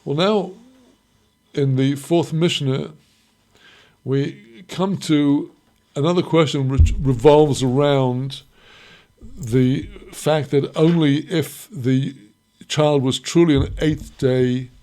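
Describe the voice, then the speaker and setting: A man teaching a recorded Mishnah lesson, reading short Hebrew phrases and explaining each one slowly in English. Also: medium pitch, darkish tone. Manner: explains slowly, quotes Hebrew then translates. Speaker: Torah teacher.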